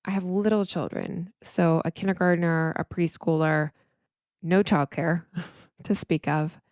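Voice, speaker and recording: A woman's voice: fairly low pitch, fairly even intonation, measured pace, a little mellow, no echo, clean studio sound. A middle-aged woman therapist hosting her podcast alone, talking candidly and emotionally with frequent restarts. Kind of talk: reflective solo podcast monologue.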